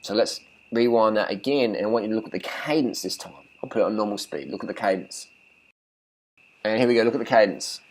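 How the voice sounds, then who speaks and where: A man's voice: fairly low pitch, fast talker, poor audio. A man talking casually as a cycling vlogger, giving blunt and profane riding tips, and repeating phrases for emphasis.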